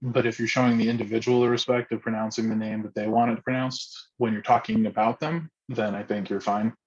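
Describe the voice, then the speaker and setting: A man's voice: fairly low pitch, steady tone, brisk, breathy edge, muffled recording. A man facilitating an online group discussion, speaking hesitantly with many ums and restarts.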